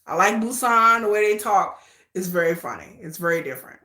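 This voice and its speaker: Speaking a touch quickly at medium pitch, this livestream host chats with her viewers in a casual, animated way, laughing often and calling the chat "y'all." Her voice has a roomy sound.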